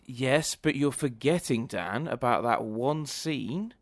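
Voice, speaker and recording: A man's voice: mid-range voice, expressive, creaky, no echo, clean studio sound. A man co-hosting a podcast, talking hesitantly with many fillers about a film. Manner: hesitant, measured, filler-heavy. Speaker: podcast co-host. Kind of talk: casual film review chat.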